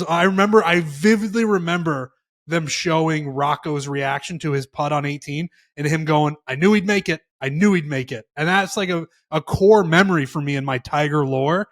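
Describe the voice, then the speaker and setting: A young man co-hosting a golf podcast, telling stories in animated, casual chat with some swearing. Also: on the high side. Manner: animated storytelling, swearing, quotes himself. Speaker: podcast co-host.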